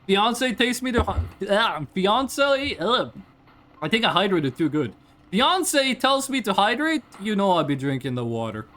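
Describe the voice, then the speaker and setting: Woman VTuber, casual stream chatter, blunt and sweary, swings her pitch all over. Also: unhurried. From Norway. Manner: animated, blunt, swears freely, laughs often. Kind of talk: casual live-stream chat, reading chat.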